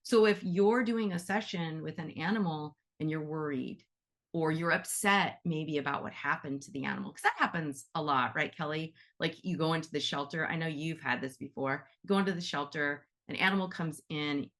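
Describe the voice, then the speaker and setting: A woman's voice: low voice, normal speed, fairly bright tone. A woman teaching an energy-work session in a chatty, demonstrative way, laughing easily as she walks through examples. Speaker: animal reiki teacher.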